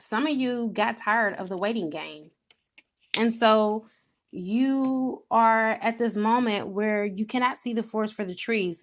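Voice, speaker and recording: A woman giving a spiritual card reading, telling a story with feeling and speaking directly to her viewers. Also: medium pitch. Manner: emotional, storytelling, nearly tearful at times. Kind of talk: tarot reading monologue.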